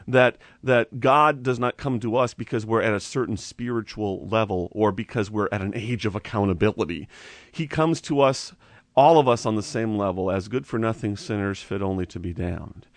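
A man's voice: lowish voice, no echo. Earnest man explaining doctrine. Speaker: Bible study co-host. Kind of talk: conversational Bible study.

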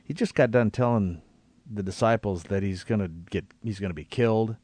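A man's voice: lowish voice, normal speed, a little mellow, no room sound. A man reading scripture aloud and reflecting on it in a conversational Bible study. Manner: reads scripture aloud, then reflects thoughtfully.

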